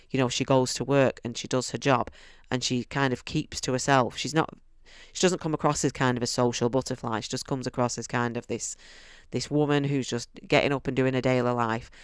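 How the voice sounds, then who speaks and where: A man's voice: medium pitch, clear, resonant tone, no room sound, clean studio sound. A man giving a casual, enthusiastic book review, chatty and often restarting his sentences. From United Kingdom.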